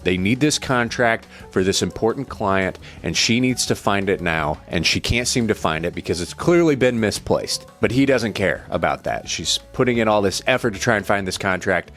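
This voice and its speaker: A man with a fairly low voice talks through a film's plot as a casual reviewer. His delivery is blunt and irreverent, with occasional swearing, and faint music sits under his voice. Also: expressive, normal speed, few pauses, fairly bright tone. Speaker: movie reviewer. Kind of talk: casual movie recap.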